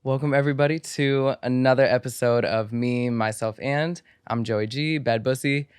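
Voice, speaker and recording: A man from the Washington, D.C. area hosts a podcast with playful, campy, profane banter. His mid-range voice is smooth and clear. It is recorded dry and close. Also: medium pitch, normal speed, no room sound. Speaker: podcast host. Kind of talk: casual podcast chat.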